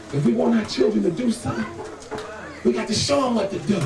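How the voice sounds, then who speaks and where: A man's voice: high voice, expressive, fast talker, music in the background. A man telling a folk tale live to an audience, dramatic and rhythmic, drawing call-and-response from his listeners. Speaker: storyteller. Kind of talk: live oral storytelling to an audience. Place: live performance venue. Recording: echoey room, voice from far off.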